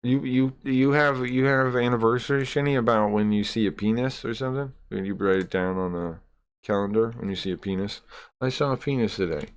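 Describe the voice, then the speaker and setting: A man's voice: mid-range voice, brisk. A man streaming live, chatting loosely with his viewers and reading numbers off the screen as he goes. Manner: loose and rambling, talking to chat and tallying numbers aloud. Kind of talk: casual live-stream chat.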